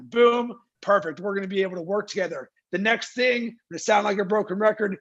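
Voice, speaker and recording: A man's voice: sits high, fairly quick, few pauses, fairly bright tone, highs cut off. A man speaking as a guest in an interview, talking emphatically, firing rhetorical questions and acting out what clients say. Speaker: guest, marketing agency founder. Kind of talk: energetic interview talk. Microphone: video call.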